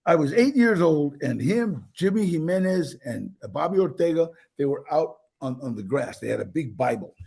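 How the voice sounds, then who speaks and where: Gravelly, animated older man. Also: a little high, normal speed, few pauses. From United States. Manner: animated storyteller with many restarts, acting out quoted voices. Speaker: interviewee. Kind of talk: casual interview storytelling.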